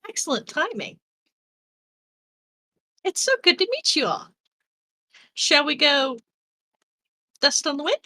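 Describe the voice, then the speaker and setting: Brief: a smug, cheery woman team leader, put on by a man, high and bouncy, crisp bright tone. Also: sing-song, takes it slowly, long pauses, dry recording, full character voice. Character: brisk, confident female hunter team leader.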